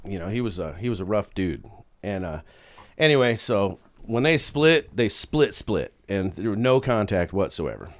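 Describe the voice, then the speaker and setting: A man's voice: fairly low pitch, lively intonation, moderate pace. A man, a podcast guest, telling a story in casual chat, swearing freely and acting out what people said to him. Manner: profane, laid-back, acts out quotes.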